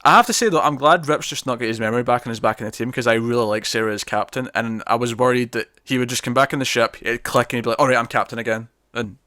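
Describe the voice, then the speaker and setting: Podcast co-host, man, casual, animated scene retellings, dry room. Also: medium pitch, quick pace, few pauses, no echo. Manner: chatty, laughs often, quotes scenes in lively bursts. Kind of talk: casual review chat.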